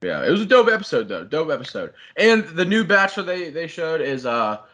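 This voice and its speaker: Young dude on a podcast, crisp bright voice, says like every other word. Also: male voice, a little high, fairly quick. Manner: animated storytelling, heavy swearing and filler "like". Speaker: podcast co-host. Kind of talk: casual chat.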